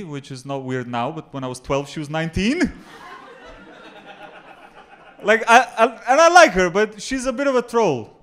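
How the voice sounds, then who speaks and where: A young man with a Macedonian accent works a comedy club crowd, his voice sitting high and swinging widely in pitch. He pairs deadpan punchlines with playful banter aimed at the audience. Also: smooth. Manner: deadpan jokes with lively crowd work. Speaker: stand-up comedian. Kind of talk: stand-up comedy set.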